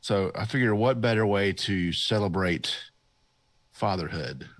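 A man, a podcast producer, telling dad jokes with a dry, low-key delivery. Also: measured pace. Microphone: remote call.

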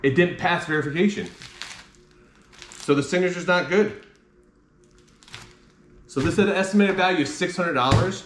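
A man's voice: high-pitched, moderate pace, long pauses, fairly bright tone, slight background noise. Exasperated man in an echoey room. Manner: frustrated, exasperated, swears mildly. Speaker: comic collector and vlogger. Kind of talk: casual unboxing vlog. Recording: echoey room, faint ambience.

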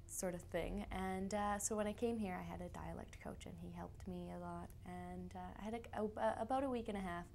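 A woman's voice: medium pitch, creaky, a little mellow, slight background noise. A young woman from Canada, an actress being interviewed, chatty, laughing often and trailing off into fillers. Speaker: actress guest. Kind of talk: casual interview.

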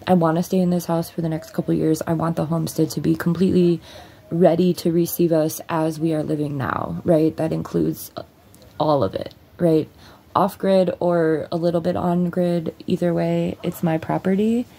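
Low, gravelly woman telling a story. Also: moderate pace. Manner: blunt, profane, animated retelling. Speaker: vlogger. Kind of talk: casual storytime. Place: at home.

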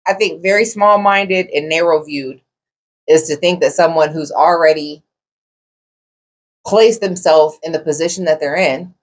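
A woman's voice: low voice, measured pace. A woman co-hosting a casual podcast discussion, speaking earnestly from personal experience.

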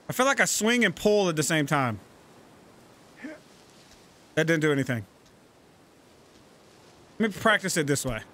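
A man giving gaming commentary, talking himself through moves and yelling and swearing at the game. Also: fairly high pitch. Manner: swears a lot and yells at the game. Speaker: let's play gamer.

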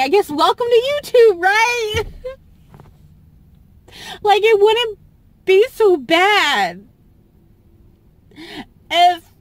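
A woman talking to camera about a falling-out with a friend, tearful, halting and repeating herself as she restarts her sentences. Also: high voice, no room sound. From Southern US. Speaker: YouTuber. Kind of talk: emotional personal vlog.

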